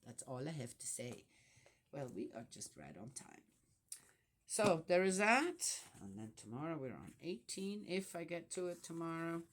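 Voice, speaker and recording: A woman's voice: deep voice, big pitch swings, moderate pace, a little hiss or hum. An older woman with grandchildren talking casually about family and faith, rambling with many fillers and restarts. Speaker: vlogger. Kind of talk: casual spiritual reflection.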